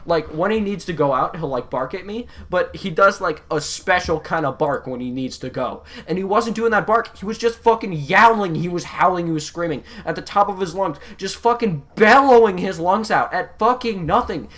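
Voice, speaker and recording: Young podcast guy ranting about stuff, swears a lot, kinda high voice, goes from mumbling to yelling. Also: normal speed, few pauses. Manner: profane, animated, swings from mumbling to yelling. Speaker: podcast host. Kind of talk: casual podcast storytelling.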